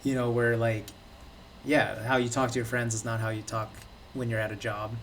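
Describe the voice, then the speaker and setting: A man's voice: medium pitch, flat delivery, normal speed, fairly bright tone. A man in casual podcast chat, explaining things in a loose, lecturing way full of "like" and "um". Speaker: podcast co-host. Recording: distant mic with faint background noise.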